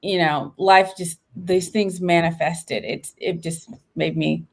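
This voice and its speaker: A woman in her late thirties, a guest in an interview, talking in an animated, expressive and upbeat way. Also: lowish voice, slow, creaky. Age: 30s. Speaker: guest, veteran and entrepreneur. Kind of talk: casual interview chat.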